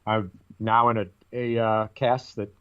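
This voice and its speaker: A man's voice: on the low side, flat delivery, measured pace, clear, resonant tone. Guy cohosting a chat podcast, wry jokey storyteller, kinda dull lo-fi audio. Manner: wry, self-mocking storyteller. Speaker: podcast co-host. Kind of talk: casual chat.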